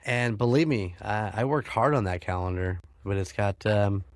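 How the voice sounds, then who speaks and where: A man's voice: on the low side, steady tone, moderate pace, dry recording, clean studio sound. An American man hosting a podcast, chatting casually, swearing freely and laughing often. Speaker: podcast host. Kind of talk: casual chat.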